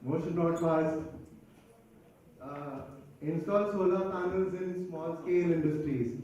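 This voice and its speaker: A hoarse young man chairing an assembly's voice votes, hesitant, with joking asides. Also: fairly high pitch, a little slow, darkish tone, muffled recording. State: hoarse throat. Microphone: far from the mic. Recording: echoey hall, voice far off, faint noise.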